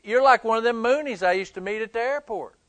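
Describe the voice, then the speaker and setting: Man, pastor, sermon, high voice, dry close sound, chatty and emphatic. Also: fast, fairly bright tone, no echo. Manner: conversational and emphatic, joking with the congregation.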